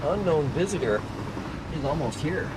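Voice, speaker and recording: Lively man chatting on a game stream. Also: fairly high pitch, normal speed, very noisy. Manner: chatty, coos and baby-talks to his cat. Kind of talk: casual game stream chat. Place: home, indoors.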